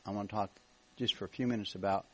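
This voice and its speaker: An American man speaking as a guest minister at a church meeting, telling his story in a relaxed, joking way. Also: fairly low pitch, fast, rough recording. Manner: jokey, relaxed storytelling with restarts. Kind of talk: church talk, testimony.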